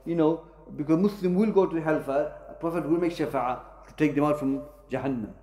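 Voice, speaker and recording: A man's voice: on the high side, brisk, dark tone. Man teaching in an echoey mosque. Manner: explains in short repeated phrases, frequent fillers. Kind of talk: lesson Q&A with students. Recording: echoey room.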